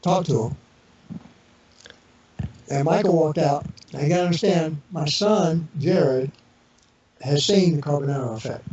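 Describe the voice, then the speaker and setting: Appearing as an interview guest, a man tells rambling, casual anecdotes full of fillers and restarts, acting out the voices of people in his stories. His voice sits on the high side with a darkish tone, a measured pace and long pauses. The internet radio audio is echoey, distant and muffled, with crowd noise.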